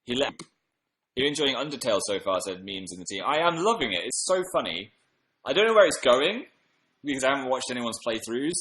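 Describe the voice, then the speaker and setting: A man's voice: medium pitch, expressive, quick pace, fairly bright tone, reverberant, low-quality recording. A man hosting a casual livestream from a room at home, tired after a late night, chatting and reading out comments with upbeat bursts. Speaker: livestream host.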